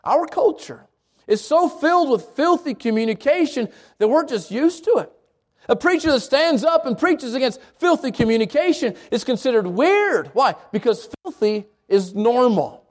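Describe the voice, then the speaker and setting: A man with a high voice delivers a sermon in a relaxed, conversational way. He keeps turning to his listeners with questions and often doubles back over his words as he talks. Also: normal speed. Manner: conversational, asks the congregation questions, repeats words. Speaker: preacher.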